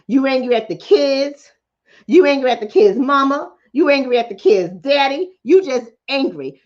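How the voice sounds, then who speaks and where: A woman with a high voice speaks as a psychologist hosting a live stream, answering her chat in a blunt, preachy way. She drives each point home by repeating it. The audio is muffled and lo-fi.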